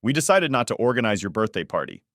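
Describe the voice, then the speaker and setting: A man voicing a curt, dismissive middle-aged father in a story reading, flat and offhand. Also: on the low side, quick pace, no echo, studio quality.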